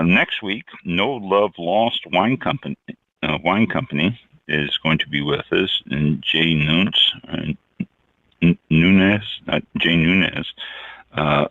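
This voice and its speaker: A man's voice: sits low, no room sound, phone-quality sound. A man hosting a live talk show, chatting casually and folksily with his co-host over a call. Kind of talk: casual chat.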